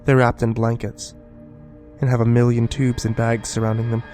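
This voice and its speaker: Guy reading a scary story, hushed and low, music playing soft behind. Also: monotone, moderate pace. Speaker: horror story narrator. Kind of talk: scripted first-person horror narration.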